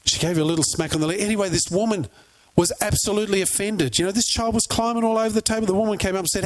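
A man preaching with a high, bright-sitting voice. He tells stories with animation and keeps firing questions at his listeners. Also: rapid-fire. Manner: animated storyteller, asks the crowd questions. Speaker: pastor. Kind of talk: sermon.

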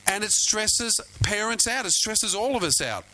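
A man's voice: high voice, lively intonation, moderate pace, bright, forceful tone, low-quality recording. A man preaching a sermon as pastor, telling stories in a conversational way and asking the congregation questions.

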